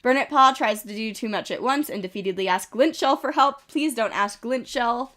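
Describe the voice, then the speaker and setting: Slightly high-voiced streamer woman, congested. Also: moderate pace, a bit bright. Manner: reads game events aloud with chatty asides and giggles. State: congested with a cough. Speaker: game streamer. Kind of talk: casual live-stream commentary. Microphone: desk microphone.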